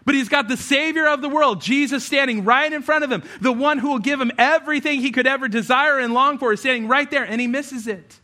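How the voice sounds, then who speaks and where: Bright, high-voiced man preaching. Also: brisk, few pauses. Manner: conversational, animated preaching with acted quotes. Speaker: pastor. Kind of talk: sermon.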